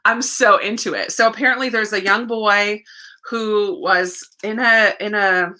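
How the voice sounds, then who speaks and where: A young woman hosts a relaxed livestream, chatting and reading viewer comments aloud. She laughs often between thoughts. Her voice is bright and forward. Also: mid-range voice, unhurried. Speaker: livestream host. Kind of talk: casual livestream chat.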